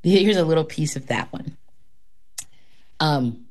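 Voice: medium pitch, takes it slowly, pauses often. A professional storyteller in an interview, telling tales dramatically and talking about their work. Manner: dramatic, expressive telling with sound words.

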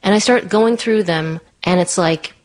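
Chatty woman telling a story, lower voice. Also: a little slow. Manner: lively, acts out quoted voices in a much higher pitch; chatty with many fillers like "like" and "you know". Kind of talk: personal storytelling.

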